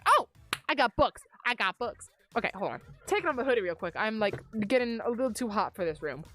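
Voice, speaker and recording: A young woman chats loosely during a gaming livestream, wandering from thought to thought and poking fun at herself. Her voice sits slightly high as she talks into a desk mic in her bedroom. Faint music plays in the background. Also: big pitch swings, a little fast, fairly bright tone. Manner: rambling, self-deprecating, chatty. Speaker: streamer. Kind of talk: casual gaming livestream chat. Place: upstairs bedroom at home. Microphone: desk mic on a mic arm.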